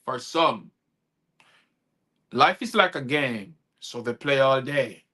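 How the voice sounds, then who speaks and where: A man's voice: mid-range voice, expressive, slow pace, sharp tone. A man hosting a show and performing his own rhyming spoken-word poems, laughing at his own lines. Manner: rhythmic rhyming delivery, chuckles at own lines. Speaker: host and poet.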